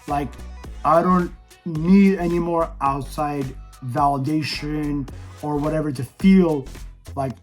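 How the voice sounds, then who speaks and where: A young man with a hoarse voice talking candidly to camera, blunt and swearing freely as he reviews an event. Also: on the high side, darkish tone. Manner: blunt, profane, fired-up. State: hoarse from yelling. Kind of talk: casual candid monologue.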